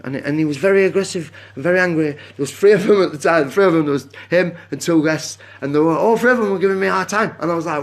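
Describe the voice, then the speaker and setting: A man talks casually on a phone live stream with a fairly high voice. He rambles and keeps drifting off onto tangents. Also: fast, hardly any pauses. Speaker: livestreamer.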